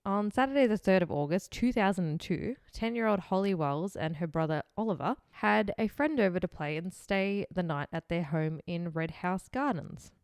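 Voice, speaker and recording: A woman's voice: fairly low pitch, moderate pace, few pauses, a little mellow, clear, resonant tone, dry recording, clean studio sound. A young woman co-hosting a true-crime podcast, chatty, laughing often and swearing casually. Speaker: podcast co-host.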